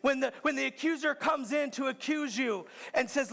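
A man preaching with a high, gravelly voice, his phrases stacking up in earnest repetition. He speaks as a pastor addressing his church, while faint music plays underneath. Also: a little fast, hardly any pauses, fairly bright tone. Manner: earnest, repetitive preaching cadence with rising emphatic builds. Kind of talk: sermon. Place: church auditorium.

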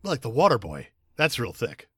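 Animated, jokey male podcaster. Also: medium pitch, normal speed, slightly rough, no echo, studio quality. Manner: animated, jokey, laughs often. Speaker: podcast co-host. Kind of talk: casual chat about a film.

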